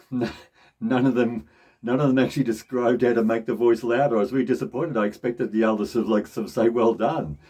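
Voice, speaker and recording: A man's voice: medium pitch, steady tone, brisk, mellow, breathy edge. Man teaching voice projection, many restarts. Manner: restarts and repeats phrases often; shifts into demonstration voices. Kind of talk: casual spoken voice lesson.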